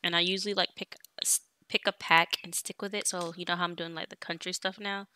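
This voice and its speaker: A woman's voice: on the low side, little pitch movement, fast, bright, forceful tone, slight background noise. A young woman casually commenting on her life-sim game as she plays, chatting to viewers and bossing her characters around. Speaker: let's play streamer.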